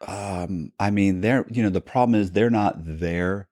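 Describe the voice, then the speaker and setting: A man, a podcast guest, telling stories in casual talk and acting out the other people in them with sudden jumps in pitch. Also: a little slow, dry recording, clean studio sound. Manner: animated, acts out quoted dialogue with pitch jumps. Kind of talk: casual storytelling.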